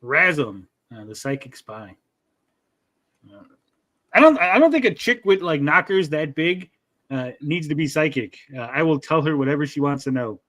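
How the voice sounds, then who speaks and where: Male host, slightly high pitch. Reads pitch copy aloud, keeps cutting in with crude jokes. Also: big pitch swings, moderate pace, fairly bright tone. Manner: reads promo text then breaks into crude joking asides. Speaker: livestream show host. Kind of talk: casual livestream chat, reading a crowdfunding pitch aloud.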